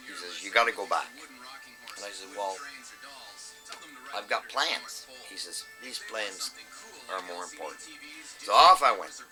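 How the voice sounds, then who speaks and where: A man's voice: low voice, low-quality recording. A middle-aged man, a plumber telling a work story in a blunt, salty way. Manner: blunt, salty, swears freely. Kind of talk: casual storytelling.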